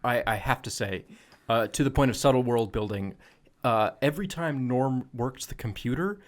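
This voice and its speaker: A man co-hosting a gaming podcast in relaxed casual chat, often acting out quotes from a show. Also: medium pitch, normal speed. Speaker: podcast co-host.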